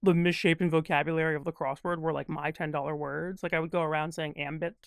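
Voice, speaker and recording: A man's voice: a little high, level tone, fast, gravelly, smooth, no room sound, clean studio sound. A man talking as an interview guest, thoughtful and rambling, with lots of fillers as he works through ideas. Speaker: guest crossword constructor. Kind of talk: casual interview conversation.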